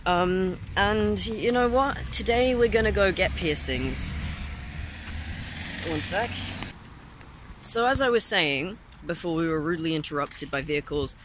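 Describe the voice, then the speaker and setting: A man's voice: high voice, animated, measured pace. Upbeat young man vlogging outdoors. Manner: upbeat, rambling, filler-heavy. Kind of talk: casual vlog chat. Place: outdoors by a seafront at night. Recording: noisy outdoor phone recording with passing traffic.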